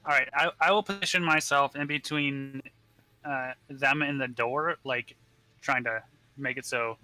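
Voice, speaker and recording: Bright-voiced hesitant young man. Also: medium pitch, fairly even intonation, a little slow, poor audio. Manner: hesitant, apologetic, stopping to think. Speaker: player. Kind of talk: casual chat in a tabletop game.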